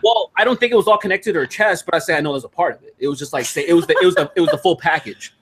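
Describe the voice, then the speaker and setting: A man hosting a casual video-call chat, rambling with lots of fillers and restarts, crude and quick to laugh. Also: a little high, a bit bright, breathy edge. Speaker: streamer hosting a patron hangout.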